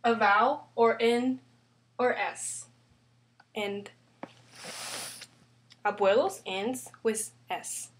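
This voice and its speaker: A woman with a somewhat high voice hosts an online language lesson. She is patient and steady, repeating examples and spelling out each rule step by step. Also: drawn-out words, pauses often, background noise. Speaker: Spanish teacher.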